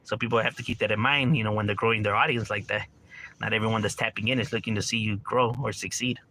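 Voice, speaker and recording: Reading his chat aloud, this livestreamer rambles in slang, laughs a lot, swears freely, and addresses viewers as "bro" and "homie." His voice is fairly low and steady, with a bright, forceful tone and a quick pace.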